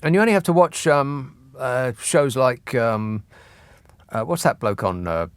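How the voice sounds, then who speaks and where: A man's voice: mid-range voice, animated, a little slow, smooth, no echo. A man hosting a radio phone-in, talking in a dry, sardonic way that builds into a rant. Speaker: radio talk show host. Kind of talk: late-night phone-in chat. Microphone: studio mic.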